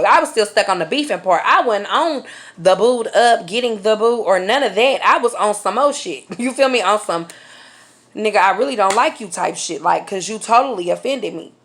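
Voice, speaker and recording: A woman vlogger telling a personal story in a casual, animated way, laughing often and swearing freely in slang. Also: mid-range voice, normal speed. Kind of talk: storytime vlog.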